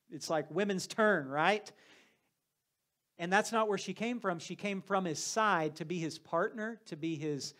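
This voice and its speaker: A man delivering a sermon with a fairly high voice. He preaches in a relaxed, conversational way and talks straight to the crowd with a friendly "y'all.". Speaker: campus ministry preacher.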